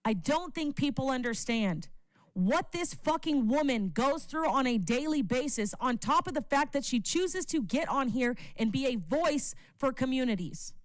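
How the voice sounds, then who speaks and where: A woman with a fairly high voice speaks on a livestream, swearing freely and hammering her points home by repeating them. The sound is close and dry, with no room around it. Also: expressive, moderate pace, dry recording. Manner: profane, rising from earnest praise to yelling; repeats phrases for emphasis. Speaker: livestream panelist. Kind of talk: impassioned livestream speech.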